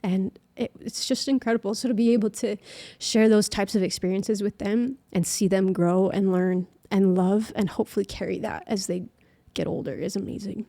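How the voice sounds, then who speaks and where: A young woman sits as a guest in an interview and tells her own story. She talks casually, leans on the word "like" again and again, and speaks at an ordinary, middle pitch. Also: fairly even intonation, normal speed, creaky, hardly any pauses, mellow. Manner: chatty, heavy use of filler "like". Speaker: podcast guest.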